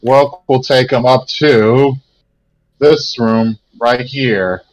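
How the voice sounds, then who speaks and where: A man's voice: medium pitch, fairly even intonation, extremely slow, dry recording, rough recording. A man casually playing a tabletop game with dry jokes. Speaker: player. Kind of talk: casual play talk.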